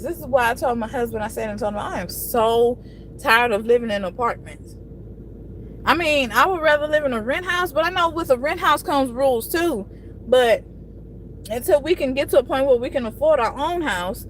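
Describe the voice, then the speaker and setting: A woman's voice: high-pitched, a little hiss or hum, poor audio. Exasperated woman in her thirties. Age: 30s. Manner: frustrated, venting, frequent cursing. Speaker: live streamer. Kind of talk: casual live-stream rant.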